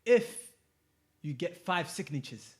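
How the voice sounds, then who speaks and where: A young man recounts stories in a lively, slangy way and breaks into laughs. His voice sits a bit high for a man. It is a relaxed, casual chat among friends. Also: slow pace. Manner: animated, laughs a lot, slangy. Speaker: podcast co-host.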